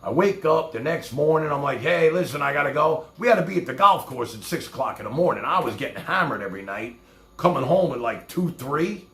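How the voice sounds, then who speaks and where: A man's voice: medium pitch, expressive, fairly quick, bright, forceful tone, roomy sound. A man from New York with a New York accent, telling rambling, profane stories in casual talk as a streamer. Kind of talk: casual storytelling.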